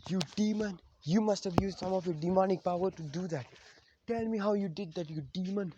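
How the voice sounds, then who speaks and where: A man voicing an arrogant young boy ninja who shouts accusations in a raised, shrill voice. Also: brisk, dull audio, background noise, lightly acted. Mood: furious.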